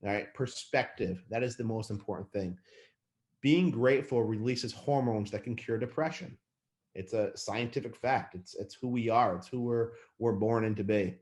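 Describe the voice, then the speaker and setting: Man in his 30s, motivational speaker energy, lower-pitched voice, talks fast and excitedly, stumbles and restarts. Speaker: real estate team leader speaking to managers. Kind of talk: motivational talk on a video call.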